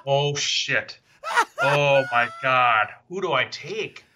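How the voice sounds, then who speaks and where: A man's voice: mid-range voice, slow pace, very noisy. A man co-hosting a casual chat, hesitant and repeating himself, exclaiming often. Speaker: podcast co-host. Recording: dull lo-fi recording.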